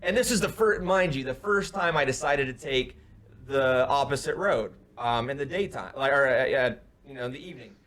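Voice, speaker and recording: A young man, co-host of a casual talk show, telling a story with energy and acting out the other man's shouted lines, heard over a remote call. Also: medium pitch, a little fast. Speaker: podcast co-host. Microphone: headphones on, remote call.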